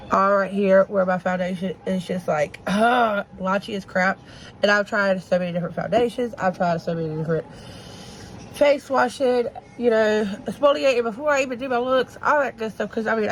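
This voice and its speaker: A woman's voice: medium pitch, slight background noise, poor audio. A woman, chatting casually to viewers as she does her makeup at home. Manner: chatty, talks straight to viewers while doing makeup. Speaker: makeup vlogger. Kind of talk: casual get-ready-with-me chat. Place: home, children around.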